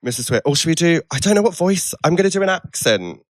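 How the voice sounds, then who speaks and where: A man's voice: on the high side, sing-song, quick pace, no echo, studio quality. A man hosting a podcast in casual chat, playful and self-mocking. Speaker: podcast host.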